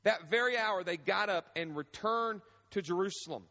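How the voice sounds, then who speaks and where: A man preaching with a high, bright voice, and he tells the story with energy, jumping into the voices of its characters now and then. His voice rings through a large church hall with a long echo trailing behind it. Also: normal speed. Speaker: pastor. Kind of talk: sermon. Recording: echoey hall with long reverb.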